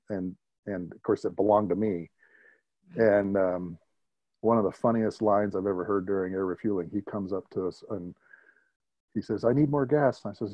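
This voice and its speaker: A man in his fifties, a retired military pilot, telling lively anecdotes as an interview guest and chuckling at his own stories. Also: fairly low pitch, no room sound, muffled recording. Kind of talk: conversational interview storytelling.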